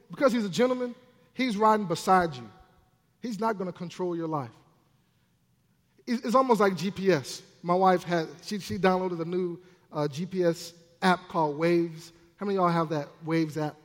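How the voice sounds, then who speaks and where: High-voiced preaching man, animated and playful. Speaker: minister. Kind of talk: sermon. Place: church sanctuary. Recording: long church hall reverb.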